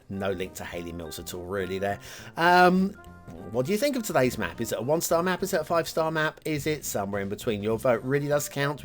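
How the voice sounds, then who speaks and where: A man hosts a map review show and talks casually over gameplay, his pitch swinging up and down as he wanders from point to point. He is chatty, with frequent fillers and self-deprecating asides. Faint music sits in the background. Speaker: show host reviewing game maps.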